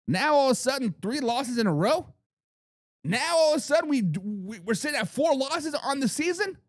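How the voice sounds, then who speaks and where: A man's voice: very high-pitched, very animated, normal speed. A man hosting a sports talk show, making hyped, trash-talking predictions and repeating lines for emphasis. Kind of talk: animated sports predictions monologue.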